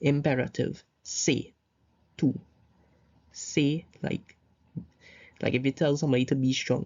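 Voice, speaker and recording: Brief: male tutor, mellow dark voice, loose rambling explanations, lo-fi dull recording. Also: mid-range voice, fairly even intonation, measured pace, long pauses. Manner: loose, repetitive explaining with fillers. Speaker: Spanish tutor. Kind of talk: casual recorded grammar lesson over slides.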